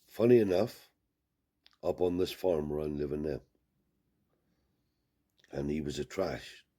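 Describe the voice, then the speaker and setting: A man tells a long, rambling story in loose country dialect. His voice sits very low and sounds dark and mellow. There is a husky, breathy grain to it. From Cornwall. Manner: rambling yarn with dialect grammar. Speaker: travelling scrap dealer. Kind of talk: casual storytelling.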